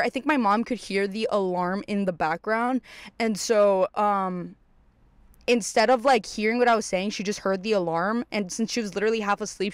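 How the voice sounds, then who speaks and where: Excitable young adult telling a story. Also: clean tone, dry recording. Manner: swearing, filler-heavy, acts out own past lines; excitable, voice swings high and loud. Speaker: podcast host. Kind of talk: casual storytelling.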